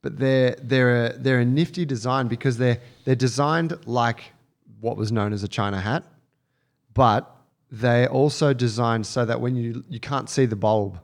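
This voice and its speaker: A man joins a casual chat, chiming in eagerly with praise and quick jokes. His voice sits at a middle pitch. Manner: enthusiastic, chiming in with praise and quips.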